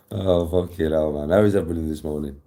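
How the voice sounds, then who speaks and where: A man's voice: very deep voice, steady tone, brisk, warm tone. A young man chatting casually on a live stream, chirpy, rambling and laughing at his own jokes.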